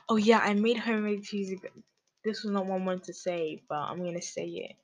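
A woman's voice: mid-range voice, fairly even intonation, moderate pace, low-quality recording. A woman hosting her own podcast, rambling casually in slangy, self-mocking talk. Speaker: podcast host.

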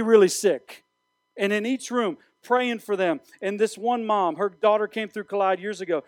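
Youth pastor, male, high-pitched, animated preacher; dry close sound. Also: dry recording. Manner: animated preaching with direct address. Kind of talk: sermon.

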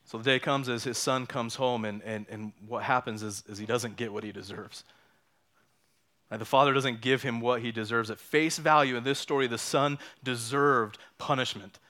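A man's voice: mid-range voice, steady tone, moderate pace, pushed and bright. A man in his thirties or forties preaching a sermon in a conversational way, often repeating words and asking "right?". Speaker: pastor. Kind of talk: sermon with personal story.

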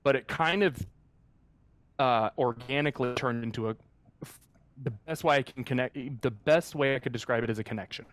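A man's voice: mid-range voice, normal speed, fairly bright tone, no room sound. An earnest man recounts a moving experience from his work as a mascot performer, his speech full of fillers and restarts as he searches for words. The sound is dry and close, with no room around it. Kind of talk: storytelling in a conversational interview.

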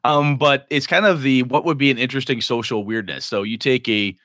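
A man with a bright, forceful voice talks casually about running tabletop games. He is animated and acts out little character voices as he explains. The sound is dry and close. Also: mid-range voice, fairly quick, no echo. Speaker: game master podcast co-host.

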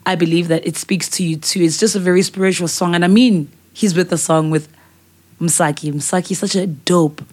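A woman's voice: lowish voice, steady tone, fairly quick, darkish tone. A woman, hosting a casual music podcast and recommending songs with chatty enthusiasm. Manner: enthusiastic and chatty, with filler words. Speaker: podcast host.

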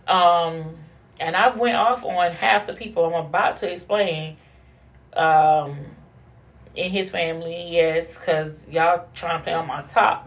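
A woman hosting a casual monologue podcast, blunt and profane, who laughs often and swings from low mutters to high bursts. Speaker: podcast host.

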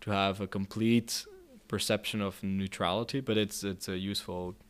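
A man's voice: lowish voice, fairly even intonation, normal speed, clear, resonant tone. A man being interviewed about his work as a mediator, speaking in a thoughtful, hesitant way with frequent restarts. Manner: hesitant, many restarts and fillers. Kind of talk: conversational interview answers.

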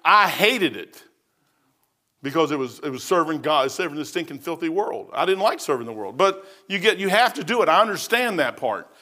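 A man's voice: a little high, very animated, normal speed, pushed and bright. A man preaching a sermon as pastor. He talks in a folksy, conversational way, repeats his phrases and often says "man".

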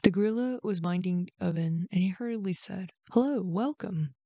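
Woman reading a bedtime story, gentle, bit gravelly, dry close mic. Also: lowish voice, a little fast, no room sound, lo-fi sound. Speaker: storyteller host.

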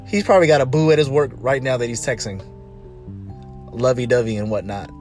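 A man's voice: mid-range voice, normal speed, faint music behind. A man speaking casually about relationships, telling stories and acting out what other people said. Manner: animated storytelling, mimicking others.

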